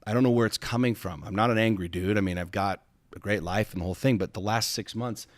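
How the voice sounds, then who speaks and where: A man with a low voice speaks on a podcast, recorded dry and close with no room sound. He tells a personal story with intensity and emphasis, swearing freely and often stumbling over repeated starts. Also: fast talker, no room sound. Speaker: podcast host.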